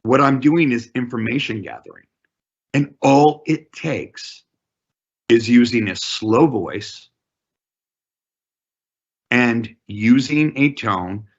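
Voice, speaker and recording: A man teaching a real estate negotiation class, coaching in a deliberate, emphatic way. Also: medium pitch, husky, lo-fi sound.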